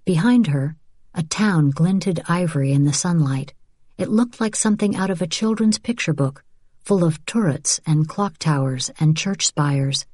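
A woman reading a novel aloud as an audiobook narrator, in even, measured storytelling. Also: sits low, breathy edge, no echo, clean studio sound. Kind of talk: scripted narration.

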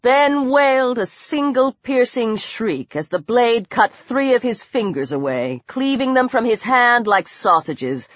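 Female audiobook narrator, unhurried dramatic horror reading; muffled, dead-dry sound. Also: fairly high pitch, expressive, no echo. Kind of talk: scripted narration. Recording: dull dry audiobook recording.

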